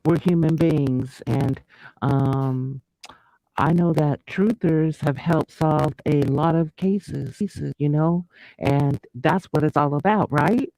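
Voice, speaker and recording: A woman calling in as a livestream guest, speaking earnestly in a halting way and often repeating words. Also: sits low, dark tone, no room sound, poor audio. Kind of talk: casual conversation.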